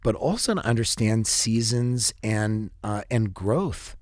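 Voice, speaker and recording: A man's voice: fairly low pitch, lively intonation, slow, a little mellow, no echo. A middle-aged man, a podcast guest, talking thoughtfully and at length in casual conversation. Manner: thoughtful, wordy, with dry jokes.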